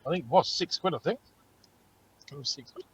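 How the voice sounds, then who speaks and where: A man's voice: a little high, brisk, husky, no room sound, rough recording. A man co-hosting a casual podcast and telling stories animatedly, swearing a lot. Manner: animated storytelling, heavy swearing. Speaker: podcast co-host. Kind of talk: casual chat.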